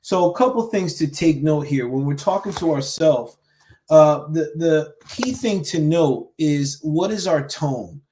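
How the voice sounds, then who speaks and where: A man who founded a men's education group, coaching viewers in an earnest, animated live-stream talk with frequent restarts and pauses. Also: on the high side, slight background noise. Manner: mimics harsh self-talk in sharp raised bursts.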